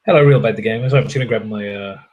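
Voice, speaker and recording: A man's voice: lowish voice, quick pace, darkish tone, low-quality recording. A young adult man, hosting a casual livestream from a hotel room and answering chat in a rambling way, swearing freely and poking fun at himself.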